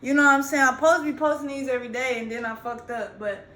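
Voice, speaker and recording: A woman's voice: high voice, fast talker, pushed and bright. Woman, young adult, profane rambling vlog talk, slangy, echoey room. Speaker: content creator. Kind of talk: casual vlog monologue. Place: indoors, standing while talking.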